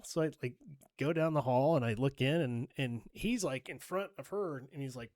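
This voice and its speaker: A middle-aged man who works as a nurse, co-hosting a podcast and telling work stories in a casual, animated way, swearing freely and acting out what people said. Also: mid-range voice, fairly quick, no echo, studio quality. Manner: animated storyteller, swears freely, acts out quoted dialogue.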